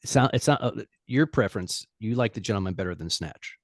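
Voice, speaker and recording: A man's voice: on the low side, animated, fast, dry recording, clean studio sound. A man hosting a casual podcast over a video call, easygoing, laughing and swearing. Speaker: podcast host.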